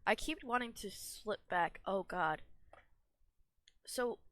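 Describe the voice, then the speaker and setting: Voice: mid-range voice, lively intonation, takes it slowly, fairly bright tone. A young adult streamer giving casual, rambling gameplay commentary, self-deprecating and often laughing. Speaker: gaming streamer.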